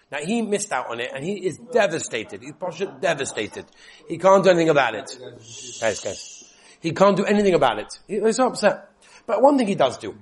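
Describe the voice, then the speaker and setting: Animated man teaching a Torah lesson. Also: on the high side, slightly rough. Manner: animated storytelling, addressing listeners directly.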